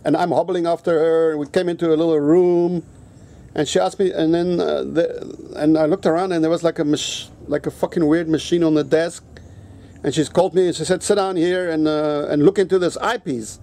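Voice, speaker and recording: A man vlogging an angry story in a profane, halting rant. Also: a little high, fairly even intonation, warm tone. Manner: profane, ranting, halting with restarts; switches into Mandarin.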